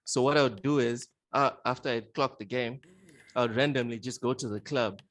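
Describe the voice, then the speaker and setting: Man, casual gaming chat, playful and animated, medium pitch. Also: a little fast. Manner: animated, playful, frequent laughter. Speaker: podcast co-host.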